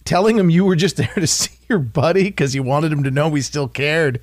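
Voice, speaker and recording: A man's voice: fairly high pitch, brisk, no echo, clean studio sound. A man hosting a podcast, chatting casually and agreeing with his guest, often chuckling. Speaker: podcast host. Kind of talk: casual interview chat.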